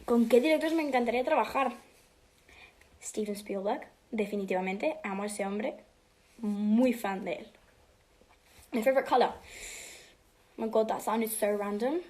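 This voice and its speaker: A woman's voice: a little high, moderate pace, long pauses, a little mellow. Bubbly teen girl chatting on a livestream. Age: teens. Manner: chatty and bubbly, switching between English and Spanish, often drops to a whisper. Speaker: livestream host answering fan questions. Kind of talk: casual livestream chat.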